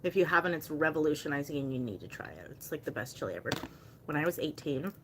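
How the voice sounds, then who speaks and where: A chatty young woman hosting a casual live stream. Her voice sits a little low, and she tells stories in an animated way with lots of "like". A faint hiss of background noise runs under her talk. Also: fast. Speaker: livestreamer selling handmade bracelets.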